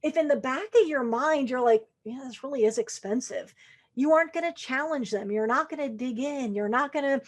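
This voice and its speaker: A middle-aged woman coaching salespeople on a podcast, in a slightly higher voice. She talks casually and slips into the voices of prospects and salespeople to make her points. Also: brisk. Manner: conversational, acts out quoted lines of prospects. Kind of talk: podcast sales advice monologue.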